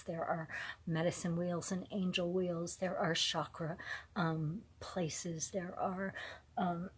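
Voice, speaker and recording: A middle-aged woman hosting a casual live online talk, rambling and digressive, often drifting into soft, whispery asides. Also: lowish voice, breathy edge.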